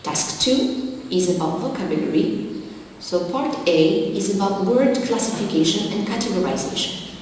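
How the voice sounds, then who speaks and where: A woman teaching an English vocabulary lesson on television, spelling out words and their forms in a slow, deliberate way. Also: medium pitch, expressive, a little hiss or hum. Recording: loud reverberant hall, distant mic.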